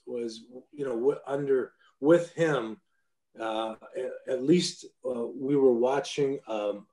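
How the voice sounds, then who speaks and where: A man's voice: medium pitch, warm tone, echoey room. A man in his fifties, a former pro hockey player guesting on a podcast, telling stories in a blunt, profane way with many restarts. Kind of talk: casual storytelling interview.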